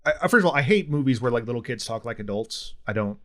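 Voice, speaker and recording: A man's voice: medium pitch, expressive, fast, fairly bright tone. A man co-hosting a podcast, rambling bluntly about a movie with lots of fillers. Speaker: podcast co-host. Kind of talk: casual film review chat.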